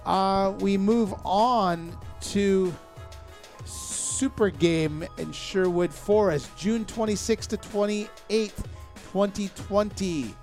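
High-voiced halting male co-host. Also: darkish tone, faint music behind. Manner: halting, stumbles over names and dates. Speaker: podcast co-host. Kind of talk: casual chat reading event listings.

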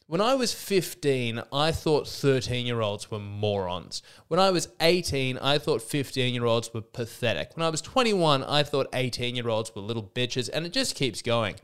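A man's voice: mid-range voice, lively intonation, moderate pace, hardly any pauses, a bit bright, smooth. A man in his thirties hosting a podcast, ranting in an exasperated, sarcastic way with many restarts, and a little sick. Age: 30s. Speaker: podcast host. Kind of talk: comedic solo rant.

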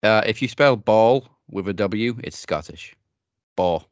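A podcast co-host chats casually on a wrestling show, laid-back and joking with lots of fillers and laughs. His voice is on the low side, animated yet unhurried, with no echo and lo-fi sound.

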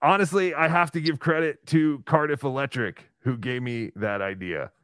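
A man hosting a live podcast in a casual chat, halting and full of fillers. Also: mid-range voice, a bit bright, clean tone, no echo, clean studio sound. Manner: halting, lots of fillers, self-deprecating. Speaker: podcast host.

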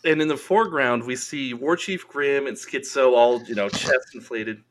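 A man's voice: mid-range voice, normal speed. Laughing man telling a wild story. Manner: laughing, swearing, animated storyteller. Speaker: podcast guest. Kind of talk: casual storytelling.

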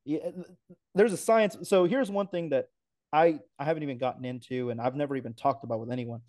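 A man's voice: medium pitch, brisk, a little mellow. A man, a racing announcer, talking enthusiastically and emphatically in a casual podcast interview, with playful asides.

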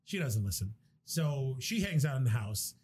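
A young man in casual podcast chat, swearing freely as he excitedly retells a movie plot. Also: mid-range voice, moderate pace, a little hiss or hum. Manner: animated, profane movie retelling.

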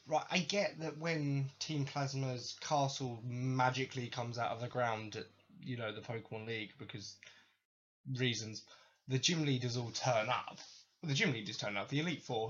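Young male host, exasperated sarcastic rant, breathy tone, mid pitch, dull lo-fi audio. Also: a bit bright. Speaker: podcast host. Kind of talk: casual ranting commentary.

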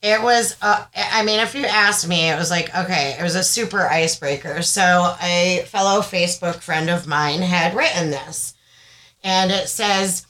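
A woman's voice: on the low side, measured pace, low-quality recording. A woman co-hosting a casual podcast, telling a story with lots of laughter. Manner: animated storyteller, laughs often. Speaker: podcast co-host. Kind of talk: casual chat.

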